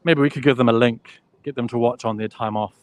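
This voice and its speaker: A man giving a casual live walking tour of a huge indoor expo hall. He chats, laughs easily and thinks aloud while filming on a handheld phone. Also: mid-range voice. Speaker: vlogger touring an expo.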